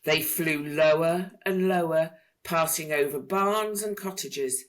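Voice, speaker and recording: A woman reading a children's picture book aloud in an expressive, sing-song manner. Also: low voice, takes it slowly. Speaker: storyteller.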